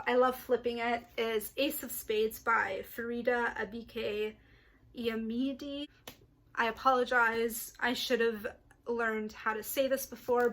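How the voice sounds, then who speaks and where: A young woman chatting casually to camera about books she plans to read, excitable and quick to apologise. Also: a little high, creaky. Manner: chatty, excitable, apologetic asides, laughs often. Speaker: book vlogger. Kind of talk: casual book chat to camera.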